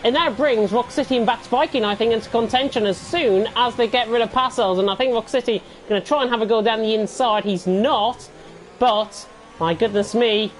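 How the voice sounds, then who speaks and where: A man's voice: extremely high pitch, slight background noise. A man commentating live on a sim racing league, enthusiastic colour commentary between the calls. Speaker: race commentator.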